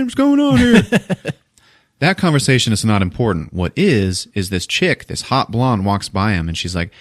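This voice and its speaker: A man's voice: low-pitched, no room sound, studio quality. A man hosting a podcast, recapping a film in casual chat and acting out its characters with lots of swearing. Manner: animated storytelling, acting out characters with profanity.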